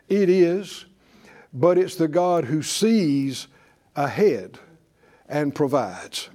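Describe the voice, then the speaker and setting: A man's voice: on the high side, lively intonation, slow pace, mellow. A man teaching a Bible class in sermon style, folksy, with chuckles and rhetorical questions. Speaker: preacher and teacher.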